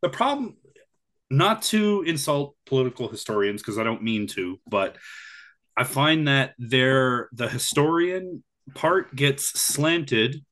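A man co-hosts a casual talk podcast in a bright, forceful voice. He gives blunt opinions, pausing and restarting as he works out what he means. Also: medium pitch, animated. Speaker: podcast co-host. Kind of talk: casual chat.

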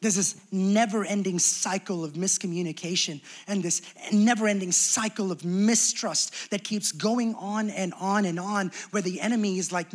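A man's voice: high voice, moderate pace, few pauses. A young adult man preaching a sermon as pastor, talking conversationally and acting out little quoted exchanges.

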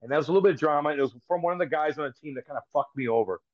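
A man's voice: a little high, rapid-fire. Rambling, profane man telling a story. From St. Louis, US. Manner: rambling, profane, restarts sentences. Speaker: podcast guest, former pro hockey player. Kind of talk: casual storytelling. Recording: slightly dull lo-fi sound.

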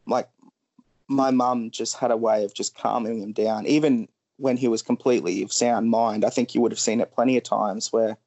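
Halting, soft-spoken man telling a sad story. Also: medium pitch, no room sound. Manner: halting, frequent ums, pauses. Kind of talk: emotional personal storytelling.

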